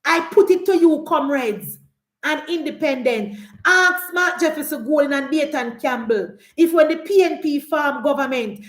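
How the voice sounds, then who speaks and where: A woman's voice: sits high, moderate pace, reverberant. A woman with a Jamaican accent giving emphatic, argumentative political commentary on a live call-in show.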